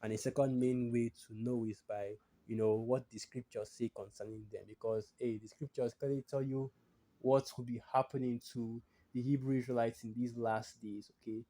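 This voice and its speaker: Man preacher, mid pitch, dark mellow tone, conversational scripture teaching with lots of "right?" and "okay?" tags, reads verses aloud. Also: little pitch movement, normal speed. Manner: conversational, frequent tag questions and restarts.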